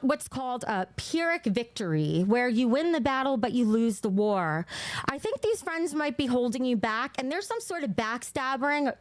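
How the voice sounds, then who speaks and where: A woman's voice: sits high, dry recording. A young woman giving tarot readings on a live stream, talking casually and chatting with viewers between cards. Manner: chatty, reads viewer names and pulls cards aloud. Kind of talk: casual livestream chat.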